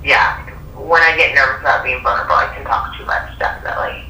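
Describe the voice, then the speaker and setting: Woman caller, hesitant, halting, bright tense voice, tinny phone line, distant. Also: rumbling low, echoey room, a little hiss or hum. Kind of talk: phone call-in.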